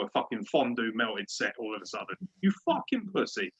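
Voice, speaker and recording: A man's voice: medium pitch, very animated, quick pace, hardly any pauses, a bit bright, breathy edge, highs cut off. A man hosting a casual sports podcast, ranting in a fired-up, profane way. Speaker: podcast host.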